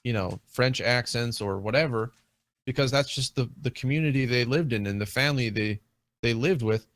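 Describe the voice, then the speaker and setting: A man's voice: medium pitch, moderate pace, fairly bright tone, dry recording. A man in a casual discussion, talking at length with many fillers and restarts. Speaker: guest in a video game discussion. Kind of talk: casual chat.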